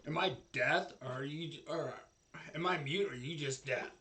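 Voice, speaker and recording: A man's voice: a little high, moderate pace, bright, forceful tone, distant mic. A man voicing a sneering male prison guard who taunts a captive. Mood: taunting. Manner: taunting, smirking.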